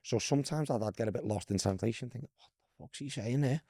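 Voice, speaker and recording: A man's voice: mid-range voice, fast, mellow, no echo, studio quality. A man with a Scouse accent, a former footballer talking as a guest, chatty and swearing freely as he tells stories. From Liverpool, England. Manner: chatty, swears freely, calls people lad. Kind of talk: casual storytelling chat.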